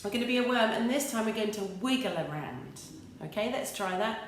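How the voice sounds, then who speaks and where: A woman's voice: a little high, expressive, brisk, recorded from a distance, slight background noise. An English woman, an early years teacher, leading young children through simple action songs in a sing-song, encouraging way. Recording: echoey room with light music.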